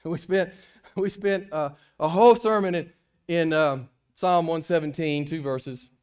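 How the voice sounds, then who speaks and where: A man preaching a sermon as pastor, swinging between hushed and loud emphatic delivery, with frequent restarts. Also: a little high, measured pace, clear, resonant tone.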